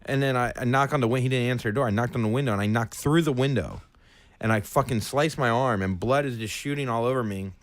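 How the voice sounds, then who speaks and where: A man co-hosting a podcast, telling a crude, rowdy story in casual chat and loudly acting out what people said. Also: mid-range voice, fast, no room sound. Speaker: podcast co-host.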